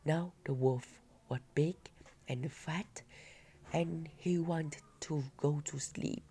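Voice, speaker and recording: A woman, a Vietnamese native speaker, reading a children's story aloud with a halting delivery and small slips. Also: deep voice, warm tone, a little hiss or hum. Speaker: reader.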